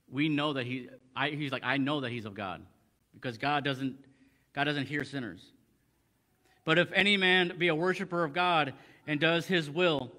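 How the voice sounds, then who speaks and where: A man's voice: on the high side, bright, forceful tone. A man teaching a Bible passage in a conversational sermon, reading verses aloud and explaining them with frequent restarts. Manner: conversational, many restarts, quoting scripture in old English. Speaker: preacher.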